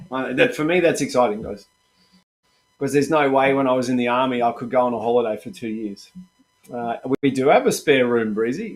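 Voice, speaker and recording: A middle-aged Australian man hosting a live trading stream, chatty and encouraging, calling viewers "mate" and "guys". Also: medium pitch. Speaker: live trading room host.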